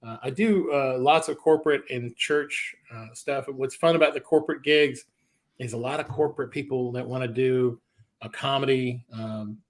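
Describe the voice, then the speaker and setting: A man's voice: mid-range voice, moderate pace. A man in his forties from the American South, a stand-up comedian telling stories in an interview and acting out the voices of people he quotes. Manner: animated storyteller, acts out quoted voices. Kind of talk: storytelling interview.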